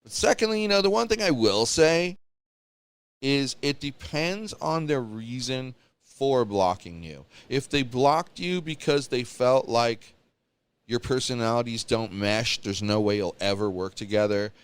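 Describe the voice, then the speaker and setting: A man co-hosting a podcast in casual chat, ranting in an animated way and mocking other people in quotes. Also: mid-range voice, a little slow, smooth. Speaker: podcast co-host.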